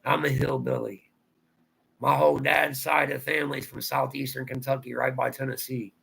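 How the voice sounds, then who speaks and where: Speaking with a Southern drawl, this man from Ohio hosts a loose livestream, chatting aimlessly and replying to comments aloud. His mid-range voice is gravelly and fairly bright with a breathy edge, delivered flatly at a moderate pace on a rough recording.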